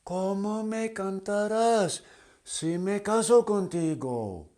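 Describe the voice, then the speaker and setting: A man's voice: high voice, lively intonation, slow, mellow, voice pushed up. A man voicing a vain little female butterfly in a storybook tale, speaking coy and sing-song. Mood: teasing.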